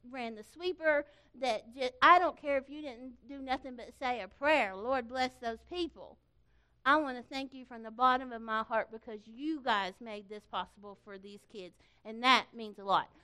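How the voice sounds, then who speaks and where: A middle-aged woman speaking to a church gathering in an informal way, telling a story in an animated, folksy manner and earnestly thanking the volunteers. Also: sits high, clean tone. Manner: animated storytelling, acting out quoted voices.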